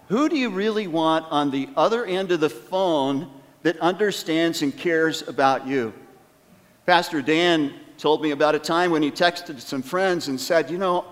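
Male pastor, fairly high voice, earnest sermon delivery, drawn-out emphasis, long church reverb. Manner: earnest, emphatic, slows down on key phrases; asks the congregation rhetorical questions.

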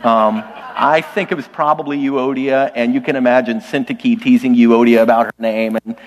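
A man's voice: mid-range voice, steady tone, moderate pace, a little hiss or hum. Man preaching in a reverberant church. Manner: conversational, lightly humorous, addresses the congregation directly. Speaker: pastor. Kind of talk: sermon. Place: church sanctuary.

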